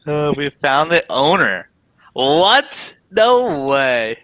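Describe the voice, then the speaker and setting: A man's voice: a little high, big pitch swings, extremely slow, creaky, fairly bright tone, dry recording, poor audio. A man hosting a casual live stream, reading an article aloud and chatting with a guest in a laid-back way.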